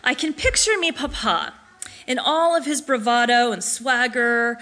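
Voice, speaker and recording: A woman reading her own personal essay aloud in a reflective, measured way. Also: a little high, sharp tone. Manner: reflective, measured, with brief slips and restarts. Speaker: narrator.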